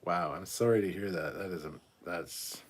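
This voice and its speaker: Low husky man chatting on a livestream. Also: moderate pace. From Canada. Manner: reads viewer comments aloud and reacts, swears, laughs. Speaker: livestream host reading chat. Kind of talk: casual live chat.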